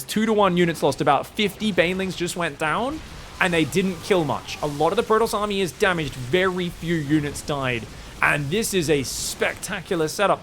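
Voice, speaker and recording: A young man calls a live esports match, joking and analysing at a brisk clip before erupting into shouts when the fights break out. His voice sits fairly high for a man, with a faint hiss of noise behind it. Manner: excitable, jokey, rises to shouts in fights. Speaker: esports caster. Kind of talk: live game commentary.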